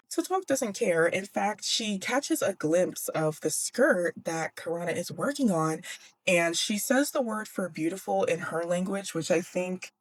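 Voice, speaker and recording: Low-voiced slangy woman recapping a book. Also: breathy edge. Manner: slangy, sarcastic, laughs often. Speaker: book vlogger.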